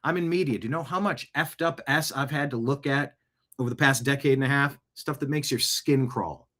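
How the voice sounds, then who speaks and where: Speaking a little fast in a bright, forceful mid-range voice, a man hosts an online talk show. He reacts to news clips with sarcastic political rants, arguing back at what he sees.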